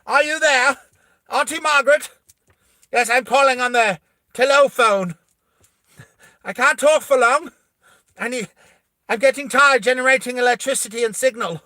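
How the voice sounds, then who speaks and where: Guy putting on a high, loud, hammy caller yelling into an old-timey phone, totally over the top. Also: normal speed, pauses often, dry recording. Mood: theatrical. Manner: loud, theatrical, exaggerated. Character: comic shouting male caller on an old telephone.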